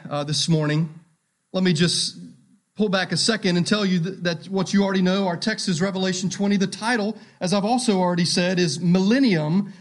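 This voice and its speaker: Guy in his 30s preaching, kinda high voice, repeats stuff and slows way down to hit a point. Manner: earnest, emphatic, repeats key phrases. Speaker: pastor. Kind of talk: sermon.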